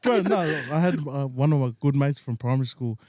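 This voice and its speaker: A man's voice: medium pitch, lively intonation, a little fast, mellow, dry recording. Slangy man with a dry close sound. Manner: slangy, affirming, reflective. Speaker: podcast co-host. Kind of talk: casual chat among friends.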